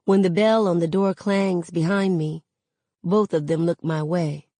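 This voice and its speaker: A woman reading a novel aloud in a measured, even narration. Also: on the low side, dry recording. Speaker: reader.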